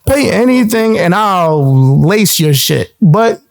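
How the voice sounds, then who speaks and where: A man's voice: sits high, big pitch swings, slow, creaky, crowd noise. A man hosting a livestream, taunting and mocking a caller in a heated argument. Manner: mocking, taunting, repeats jeers. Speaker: livestream host.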